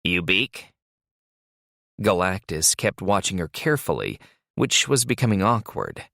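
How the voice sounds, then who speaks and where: A man reading a thriller audiobook in a slow, measured storytelling voice. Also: deep voice, huge pitch swings, vocal fry, a bit bright, dry recording, clean studio sound. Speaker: audiobook narrator. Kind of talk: scripted narration.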